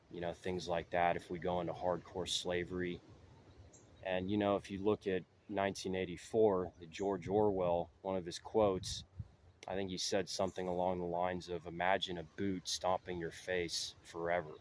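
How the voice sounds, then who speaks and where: A man's voice: low-pitched, a little mellow, slight background noise. A man talking to camera in a rambling monologue, filling his talk with "you know". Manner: heavy use of "you know" fillers. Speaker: vlogger.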